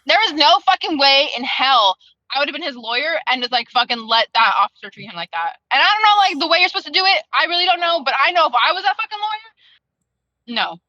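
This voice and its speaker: A woman's voice: sits high, very animated, fast talker, sharp tone, dry recording, muffled recording. A woman in a casual book club chat on a video call, venting in a heated, profane, rambling way.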